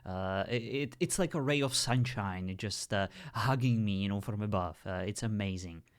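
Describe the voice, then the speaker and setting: Gushing halting man, lowish voice. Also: smooth. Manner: gushing over-the-top praise, halting with fillers. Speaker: user testing an AI character. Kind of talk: casual conversation.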